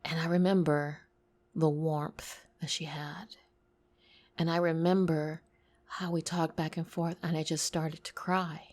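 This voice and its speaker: A woman with a lisp tells an intimate, tearful personal story, slipping into whispers and then bursting out louder. Her voice sits low, and her delivery is flat and measured in pace.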